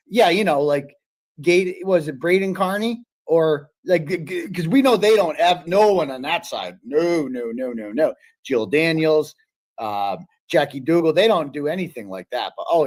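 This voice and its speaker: A man's voice: a little high, moderate pace, a little mellow. A man hosting a live stream, mocking what he hears in profane, sarcastic casual commentary. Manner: mocking, sarcastic, swears a lot.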